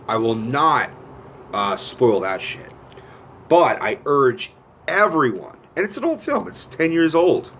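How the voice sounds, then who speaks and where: A man giving a casual, profane film rant. He retells scenes with lively quoted voices and gets animated as he goes. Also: medium pitch, a little hiss or hum. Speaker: movie reviewer.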